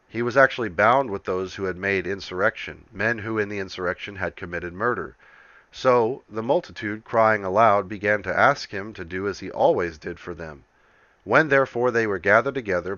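Male scripture reader, solemn and measured, lowish bright voice, dry, slightly dull recording. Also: no room sound.

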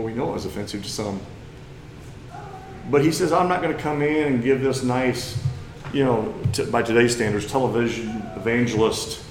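Plain-spoken Missouri preacher in an echoey room. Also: male voice, mid-range voice, darkish tone, slight background noise. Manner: plain-spoken, folksy, rising to emphatic bursts. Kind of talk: sermon lesson.

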